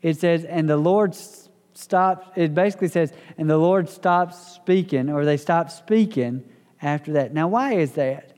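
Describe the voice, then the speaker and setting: A man's voice: a little high, unhurried, a little mellow, clear, resonant tone. A man teaching a church Bible study in a conversational way, often repeating and restarting his phrases. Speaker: pastor. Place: church hall. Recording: echoey hall with long reverb.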